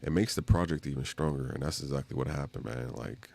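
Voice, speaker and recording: A man's voice: extremely low pitch, fast, vocal fry, darkish tone. A man hosting a casual live stream, rambling loosely with slang and lots of fillers.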